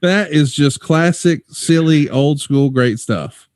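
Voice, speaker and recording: A man's voice: on the high side, slow pace, dry recording, studio quality. A man co-hosting a casual podcast, eagerly recapping old matches and leading the questions. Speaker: podcast co-host and interviewer.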